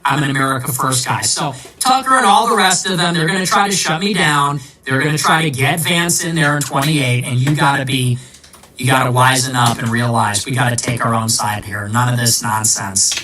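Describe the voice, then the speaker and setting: A man's voice: mid-range voice, brisk, sharp tone, distant mic, slight background noise, low-quality recording. Combative, sarcastic man ranting. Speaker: political commentator. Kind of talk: ranting monologue.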